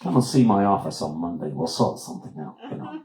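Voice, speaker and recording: A boastful, grandly self-important film director, as a man puts him on. The voice sits a little above the speaker's own pitch and stretches its words out slowly. It is recorded in an echoey room. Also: wildly swooping pitch, a little mellow, exaggerated voice. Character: famous older male film director, smooth and grand.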